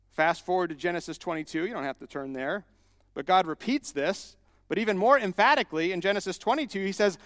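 A man preaching a sermon as a pastor, emphatic and rising to loud repeated declarations. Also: sits high, lively intonation, fast, clean studio sound. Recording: long hall reverb.

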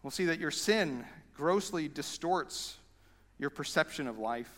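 A male pastor preaching a sermon in a conversational, animated way. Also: fairly high pitch, measured pace, in a large hall.

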